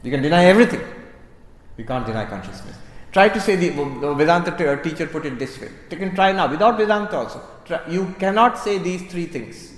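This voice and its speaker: A man's voice: a little high, lively intonation, fairly quick. A man, a monk and spiritual teacher, giving an emphatic lecture to a live audience, repeating key phrases, challenging listeners directly and dropping in light humor. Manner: conversational, with occasional humor and asides to the audience. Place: large hall at a religious center. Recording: roomy, reverberant hall sound.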